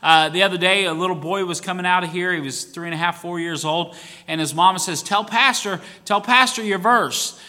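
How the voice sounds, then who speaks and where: A man preaching a sermon as pastor, swinging between quiet asides and rising bursts of emphasis. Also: a little high, steady tone, quick pace, long reverb tail.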